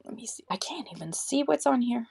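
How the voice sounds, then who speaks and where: A woman holding her phone indoors and chatting casually on a seller livestream, rambling and correcting herself with quick laughs. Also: a little high, lively intonation, gravelly, darkish tone, husky, dry recording. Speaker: online live-auction seller. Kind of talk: casual livestream chat and demo. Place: indoor room with shelves. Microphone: handheld phone.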